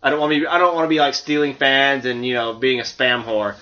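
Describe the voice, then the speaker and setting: Man, from the American South, podcast host, hesitant, rambling, bright voice, dull lo-fi sound. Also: medium pitch, steady tone, quick pace. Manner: rambling, hesitant, self-mocking. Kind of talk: casual podcast chat.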